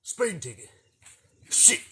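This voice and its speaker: A man's voice: unhurried, pushed and bright. A man with an East Tennessee accent putting on his blunt, cursing father demanding answers. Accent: Southern US, East Tennessee.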